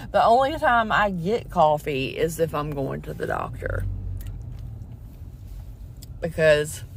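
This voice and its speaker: A low-pitched woman talks slowly in a relaxed, rambling vlog. She chats casually and leans on filler words. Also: gravelly, a little hiss or hum. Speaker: vlogger. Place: parked car in a parking deck; at home in a recliner.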